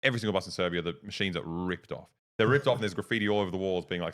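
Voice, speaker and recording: A man's voice: low voice, rapid-fire. A young man co-hosting a livestream who tells rambling stories in casual chat, full of fillers and restarts. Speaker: streamer, co-host.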